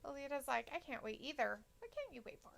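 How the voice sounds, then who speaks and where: Bright-voiced swearing woman reading chat. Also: high voice, sing-song, fast talker, vocal fry. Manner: blunt, swears freely, reads chat comments aloud. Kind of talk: casual live-stream commentary.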